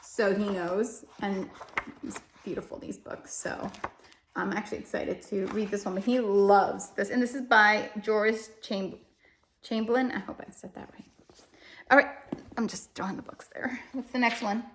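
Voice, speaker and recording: A woman's voice: mid-range voice, steady tone, normal speed, a little hiss or hum. A woman chatting casually about her family's reading, rambling a little and correcting herself as she goes. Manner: emotional, self-deprecating. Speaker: homeschooling parent reviewing books. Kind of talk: casual chat.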